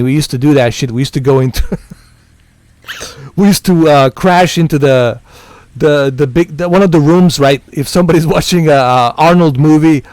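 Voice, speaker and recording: A man's voice: on the high side, darkish tone, no room sound. A man chatting casually with friends, rambling, repeating words and laughing often. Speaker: gamer.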